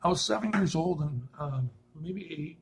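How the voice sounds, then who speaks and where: A man with a gravelly, fairly high voice tells his own stories in a loose, casual way. He wanders, restarts sentences and corrects himself, chuckling now and then as he talks. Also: expressive, moderate pace, darkish tone, poor audio. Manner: rambling, with frequent restarts and self-corrections; chuckles while telling stories. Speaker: vlogger telling personal stories. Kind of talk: casual personal storytelling.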